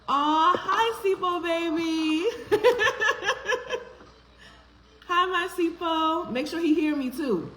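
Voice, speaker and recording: A woman hosting a live stream, chatting casually, greeting viewers one by one by name in an affectionate, upbeat way. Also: a little high. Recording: echoey room with faint background noise.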